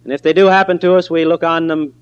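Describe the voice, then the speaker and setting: A man preaching a sermon in an earnest, emphatic way, slowing down on key phrases. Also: on the high side, level tone, clear, resonant tone, lo-fi sound.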